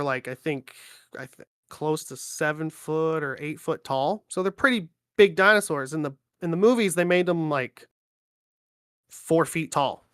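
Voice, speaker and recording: A man, a livestream guest chatting in a relaxed, rambling way with many fillers. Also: a little high, clear, resonant tone, no echo, studio quality. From Ontario, Canada. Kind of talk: casual chat on a livestream.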